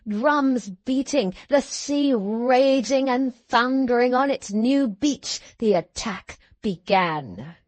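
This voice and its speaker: A woman narrating an audiobook in a steady, measured storytelling manner, recorded on a close mic. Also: fairly high pitch, dry recording. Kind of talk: scripted narration.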